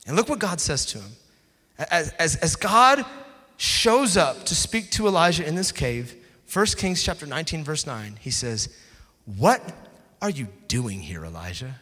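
A male pastor preaches emphatically and conversationally. His voice is fairly high, swings widely, and rings bright. A long reverb from a large hall follows every phrase. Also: very animated, normal speed. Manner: emphatic, conversational, with dramatic drops to near-whispers. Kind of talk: sermon. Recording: echoey hall.

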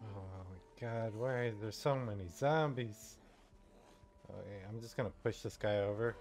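A man's voice: lowish voice, normal speed, a little mellow. Jittery swearing gamer guy. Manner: anxious, swearing reactions to the game. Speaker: gaming YouTuber. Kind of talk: let's-play game commentary. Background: faint game music.

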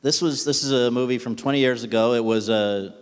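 A man's voice: medium pitch, a little fast, clean tone. A man moderating a festival interview, asking questions with small restarts, on the stage of a large hall. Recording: long hall reverb.

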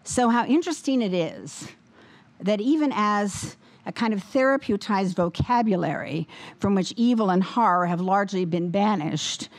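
A woman giving a formal lecture with a slightly wobbly voice, speaking in a measured, deliberate way and taking questions afterwards. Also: mid-range voice. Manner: measured, deliberate, with many fillers when answering. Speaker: guest lecturer. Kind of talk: formal lecture, then audience Q&A.

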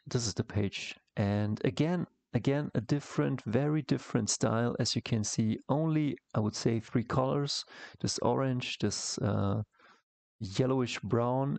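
Brief: man, slow gravelly delivery, casual comic-art tutorial voice-over, dry close mic. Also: medium pitch, darkish tone, no echo. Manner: rambling, halting, many fillers and restarts. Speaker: comic artist teaching.

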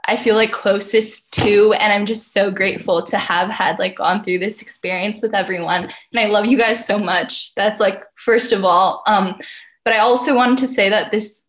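A woman's voice: medium pitch, fairly even intonation, moderate pace, a bit bright. A young woman giving a tearful, rambling acceptance speech, full of "like" fillers. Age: young adult. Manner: emotional, rambling with many "like" fillers. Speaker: youth poet laureate.

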